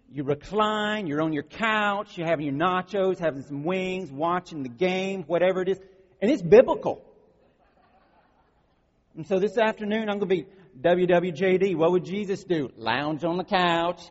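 A man preaching a sermon in a conversational way, often checking in with his listeners. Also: fairly high pitch. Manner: conversational preaching with frequent check-ins like "right?" and "okay?". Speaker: pastor. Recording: dull lo-fi sound with long hall reverb.

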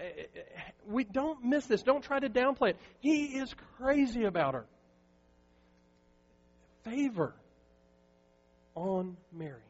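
A man's voice: high voice, in a large hall, muffled recording. A man preaching a sermon as pastor, earnest and emphatic, often restarting his sentences. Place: church sanctuary.

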